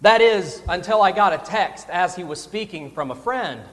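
A young man preaching a sermon, telling a humorous personal story in an animated storytelling manner. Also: sits high, normal speed, big-room sound.

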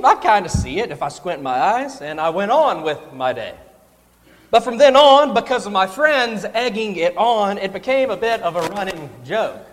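A young man preaching a sermon, telling a humorous personal story in an animated storytelling manner. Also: high voice, big-room sound.

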